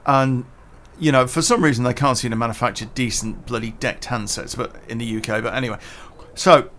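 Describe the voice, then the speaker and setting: A chatty British man holds forth in a casual podcast rant, his pitch sitting in an ordinary middle range. He is blunt and sprinkles in mild swearing and lots of "you know". He chews gum as he speaks. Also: fairly even intonation, fairly quick, a bit bright, slight background noise. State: chewing gum. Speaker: podcast host. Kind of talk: casual ranting podcast monologue.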